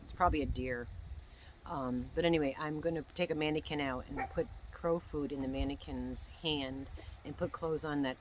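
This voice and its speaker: A woman's voice: low voice, a little hiss or hum. A woman in her sixties, a crochet vlogger, rambling in casual chat at home and often breaking off her own sentences. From United States. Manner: chatty, meandering, self-interrupting.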